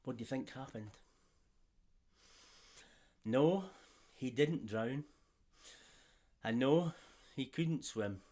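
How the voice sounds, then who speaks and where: A man's voice: medium pitch, slow, pauses often, darkish tone. A man telling a story to children, theatrical and drawing the listeners in to join along. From Scotland. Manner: theatrical, asks the young audience to join in.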